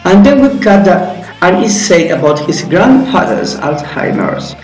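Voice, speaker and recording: A man's voice: sits high, big pitch swings, a little slow, darkish tone. A man teaching an English grammar lesson, explaining step by step in a friendly way with some phrasing. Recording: roomy echo with faint music.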